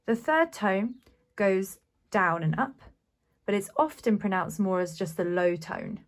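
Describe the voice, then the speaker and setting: A woman teaches a beginners' language lesson in an unhurried, measured way. She explains patiently and sounds out each syllable with care, at a middle pitch for a woman. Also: animated. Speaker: Mandarin teacher. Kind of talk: slow, clear language lesson.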